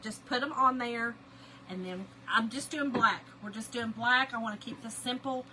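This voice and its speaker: A middle-aged woman, chatting and telling animated family stories to viewers while she crafts on a livestream. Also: fairly high pitch, normal speed, slight background noise, low-quality recording. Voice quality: lively, animated storyteller, greets chat viewers by name.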